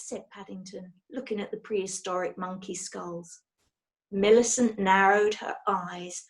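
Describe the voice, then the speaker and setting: A woman reading a children's book aloud with lively, expressive narration. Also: mid-range voice, a little slow. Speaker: storyteller.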